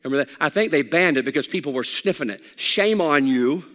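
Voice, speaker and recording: A man's voice: on the high side, lively intonation, a little fast, a bit bright. A man preaching a sermon as pastor, telling folksy stories and rising with emphasis at key points. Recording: long hall reverb.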